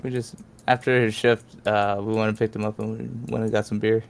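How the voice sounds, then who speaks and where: A man's voice: lowish voice, flat delivery, brisk, creaky. A man telling a story in a laid-back, profane way, full of "like" fillers. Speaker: podcast storyteller. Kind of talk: casual storytelling.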